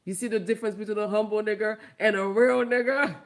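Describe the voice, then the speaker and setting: A woman from Haiti, a vlogger and comedian, ranting loudly and emphatically with a lot of laughter. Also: background noise. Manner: loud, emphatic, profane, laughing, big pitch swings. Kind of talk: ranting commentary vlog.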